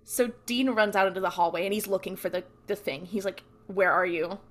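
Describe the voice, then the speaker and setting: A woman's voice: mid-range voice, quick pace. A woman co-hosting a podcast, recapping a TV episode in casual chat and acting out the lines. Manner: animated storytelling, acts out quotes. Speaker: podcast co-host.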